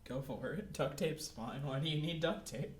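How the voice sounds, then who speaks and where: A man's voice: fairly high pitch, normal speed. A man running a tabletop role-playing game as game master, laughing often as he narrates. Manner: giggly, animated. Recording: roomy with faint noise.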